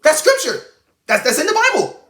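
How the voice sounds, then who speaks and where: A man's voice: very high voice, wildly swooping pitch, fairly quick, bright, forceful tone, reverberant. A man preaching an informal, fiery sermon to camera, blunt and intense, swearing freely as he urges his listeners. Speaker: online Christian preacher.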